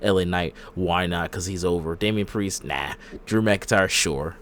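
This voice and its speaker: A man's voice: deep voice, normal speed, a bit bright, slight background noise. A man hosting a casual wrestling podcast, laid-back and opinionated, joking as he makes his calls. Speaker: podcast host.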